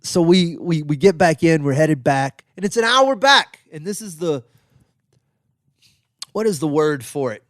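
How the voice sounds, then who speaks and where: A man's voice: on the high side, measured pace, no echo. Storytelling man, dry close sound. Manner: loose, animated storytelling with acted-out quotes. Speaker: comedian and podcast host.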